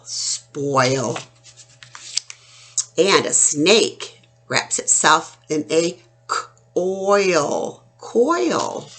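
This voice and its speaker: A woman teaches a phonics lesson for children. She speaks slowly in a fairly low voice with a gravelly edge, stretching out each word as she sounds it out clearly. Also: a bit bright. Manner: slow, clear, drawn-out sounding out of words.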